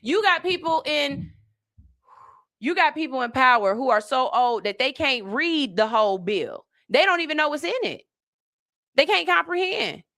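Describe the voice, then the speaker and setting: A woman with a high, bright voice holds forth as a podcast host. She rants bluntly and emphatically, with heavy profanity and plenty of repetition for effect, all in a casual commentary style. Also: expressive, normal speed.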